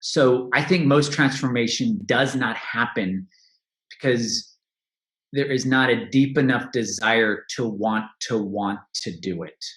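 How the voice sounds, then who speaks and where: Man, podcast guest, candid and reflective, mid-pitched voice, roomy echo. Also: unhurried, fairly bright tone. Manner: candid, reflective, with frequent restarts and laughs. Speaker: podcast guest, money coach. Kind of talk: casual interview talk.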